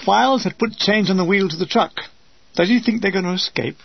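A man reading a wartime memoir aloud with dry comic timing, lively voices for the quoted soldiers. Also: sits high, fairly quick, vocal fry, slightly rough, lo-fi sound. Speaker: narrator.

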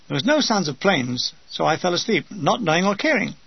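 A man's voice: high-pitched, very animated, brisk, vocal fry, few pauses, husky, no echo, muffled recording. An older man reading his humorous wartime memoir aloud with a dry comic delivery, briefly mimicking his comrades.

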